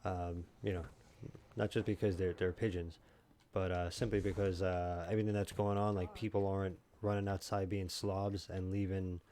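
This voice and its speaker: Low-voiced man rambling on a game stream. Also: little pitch movement, normal speed, warm tone, a little hiss or hum. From New York. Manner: rambling, joking, talks to chat by name. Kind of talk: casual gaming stream chat.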